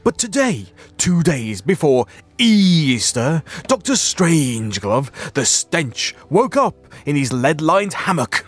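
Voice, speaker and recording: A man's voice: on the high side, sing-song, slow, slightly rough. A man narrating a comic story in a playful way, with chatty asides to listeners.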